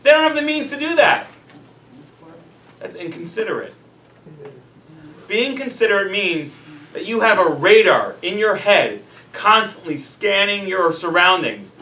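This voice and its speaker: High, bright-voiced rabbi in a roomy hall. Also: male voice, expressive, measured pace, pauses often, a little hiss or hum. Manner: chatty, lots of "like" and "you know" fillers. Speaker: rabbi teaching a class. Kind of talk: casual storytelling lecture. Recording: roomy echo, mic at a distance.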